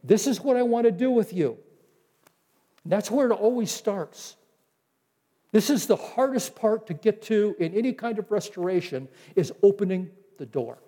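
A man with a high, mellow voice preaches a teaching sermon. He slows and softens when he quotes scripture. A long reverb hangs behind him. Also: animated. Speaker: pastor.

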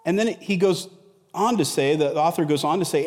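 Conversational middle-aged pastor in an echoing hall. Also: male voice, a little high, normal speed, a little mellow. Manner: conversational, repeats words, asks rhetorical questions. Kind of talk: sermon.

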